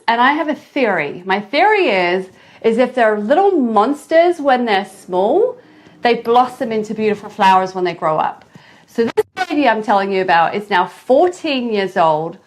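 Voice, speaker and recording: A mother telling a parenting story in a casual vlog, animated and dramatic, with big jumps in pitch. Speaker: mother sharing parenting advice.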